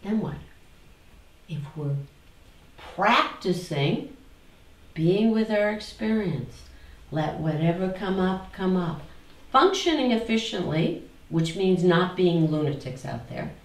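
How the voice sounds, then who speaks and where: A woman spiritual teacher leading a class, animated, repeating phrases in mock voices and asking the students questions. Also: lowish voice, unhurried. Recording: echoey room, mic far off.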